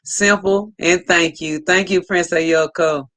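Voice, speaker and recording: A woman's voice: fairly low pitch, fairly even intonation, takes it slowly, a bit bright, dry recording. A woman hosting a casual live stream, reading viewer comments aloud in an upbeat, effusive way.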